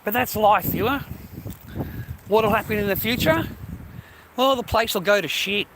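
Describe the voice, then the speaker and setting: His voice sits high and moves at a moderate pace as this Australian vlogger walks along a street and path, phone in hand, ranting to camera. He rambles and swears, calling everyone mate and bro, while loud traffic and street noise carry through.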